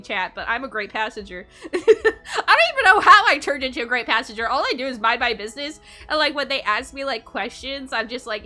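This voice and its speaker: A woman's voice: fairly high pitch, bright, forceful tone. A young woman streaming live, chatting casually with her chat and giggling often between sentences.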